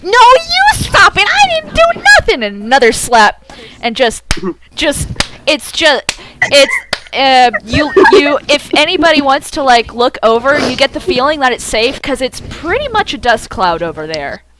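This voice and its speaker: High, lively woman running a tabletop game. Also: measured pace. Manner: rambling, casual, lots of restarts. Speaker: game master. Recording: noisy home voice chat.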